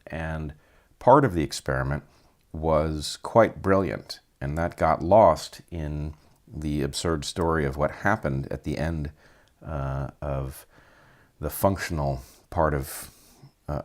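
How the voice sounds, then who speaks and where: A man with a very deep voice answers interview questions as a former professor. He speaks deliberately and articulately, building long sentences.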